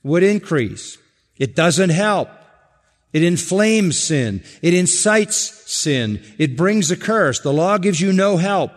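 A man preaching an expository sermon as pastor, driving points home by repeating them and swinging between loud emphasis and hushed asides. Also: high-pitched, animated, slow pace. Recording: long hall reverb.

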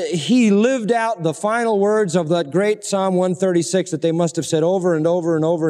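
A man's voice: fairly quick, hardly any pauses, a little mellow. Man preaching a sermon in a reverberant hall. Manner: emphatic preaching, rising to high intense peaks. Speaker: pastor.

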